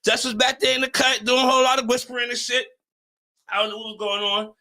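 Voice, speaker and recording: A man's voice: very high voice, level tone, fast talker, bright, forceful tone. A man hosting a podcast, telling a long story in a casual, rambling way, swearing a lot and tripping over his words. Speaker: podcast host.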